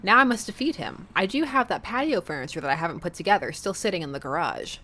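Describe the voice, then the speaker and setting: A woman's voice: fairly low pitch, expressive, fast, pushed and bright. Giggly woman reading a dating game. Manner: giggly, playful, jokey asides. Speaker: let's-play streamer.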